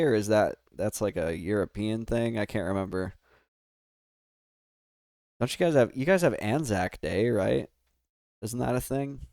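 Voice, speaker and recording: An American man from the United States is livestreaming a game, chatting casually and rambling with his viewers while laughing often. His voice is fairly low and darkish in tone, recorded with studio quality and no echo.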